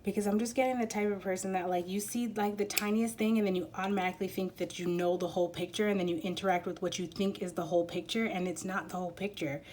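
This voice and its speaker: A woman's voice: mid-range voice, fairly even intonation, fast, few pauses, noisy background. A woman giving a casual spiritual card reading to viewers, talking in a rambling, hesitant way full of fillers and restarts. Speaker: tarot and oracle card reader.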